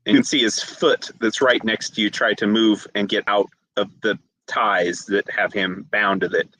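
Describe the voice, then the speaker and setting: A man's voice: on the low side, little pitch movement, normal speed, fairly bright tone, no room sound, low-quality recording. A man running a tabletop game as game master, narrating the scene and tallying dice rolls aloud, joking and laughing often.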